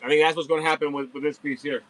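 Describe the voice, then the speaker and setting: A man's voice: on the high side, little pitch movement, very fast, a bit bright, poor audio. A man hosting a live online sale of diecast cars from a warehouse at night, chatting casually with viewers and hyping each pull. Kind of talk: casual live-stream sales chat.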